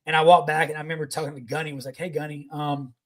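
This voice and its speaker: A man co-hosting a podcast, telling a service story in a lively, profane, laughing way. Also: fairly high pitch, racing. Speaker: podcast co-host. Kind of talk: casual chat, storytelling.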